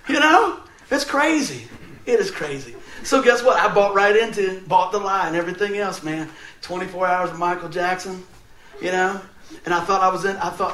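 This pastor preaches a sermon in an echoey room, his voice sitting high and moving briskly. He's animated as he shares a funny personal story, laughing often along the way.

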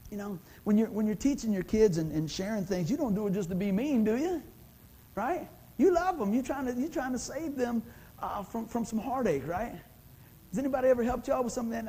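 This is a man delivering a sermon from the pulpit. His voice sits high for a man, and he talks in a folksy, conversational way, checking in with the congregation over and over. Faint room noise sits under the recording. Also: warm tone, poor audio. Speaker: pastor.

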